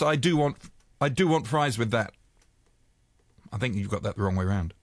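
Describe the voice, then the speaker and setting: A man's voice: mid-range voice, normal speed, long pauses, no echo. A man hosting an afternoon drive-time radio show, chatting casually, rambling and correcting himself as he reads out listener messages. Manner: rambling, self-correcting, chuckling at listener jokes. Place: radio studio. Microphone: studio microphone.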